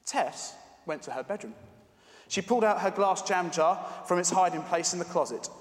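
A man preacher giving a sermon, telling a story in a measured, expressive way. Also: high voice, big-room sound.

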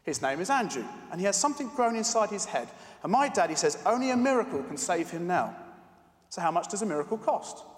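A man's voice: sits high, very animated, fast, echoey room, in a large hall, pitched above the performer's own voice. A man putting on an eager pleading little girl.

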